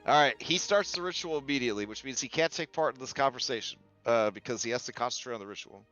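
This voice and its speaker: Guy gm narrating a tabletop session, playful, tosses in quick voices, kinda dull audio w faint music. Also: mid-range voice, a bit bright. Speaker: game master.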